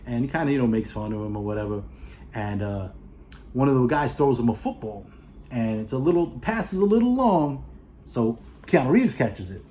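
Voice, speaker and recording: A man's voice: medium pitch, expressive, warm tone, a little hiss or hum. A man casually retelling a movie plot for his video review, rambling with lots of "you know" and "uh" and acting out the characters' lines. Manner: acts out the characters' lines in quick asides.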